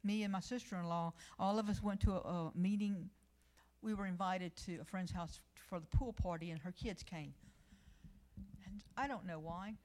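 A woman's voice: on the low side, normal speed, a little mellow. Earnest woman giving a devotional. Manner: earnest and conversational, swelling when reading scripture. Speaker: church speaker. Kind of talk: devotional teaching with personal stories.

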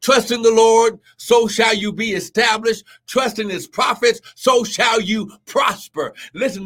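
A man preaching a Pentecostal sermon, exhorting in a rhythmic cadence with repeated cries of glory, often rising to a shout and breaking into tongues. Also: high-pitched, measured pace, hardly any pauses. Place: live stream.

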